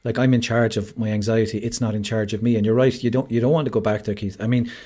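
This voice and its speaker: Speaking quickly with a dark tone and fairly even intonation, a low-voiced Irish man opens up about his story over video call as a podcast guest. It's a frank, conversational interview sprinkled with "like" and "you know."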